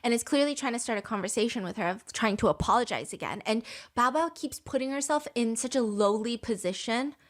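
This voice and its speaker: A woman with a fairly high voice tells a story in an easygoing podcast chat. She is animated and chatty, laughs easily, and keeps the retelling moving. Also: a little fast, hardly any pauses. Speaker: podcast host. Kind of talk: casual storytelling recap.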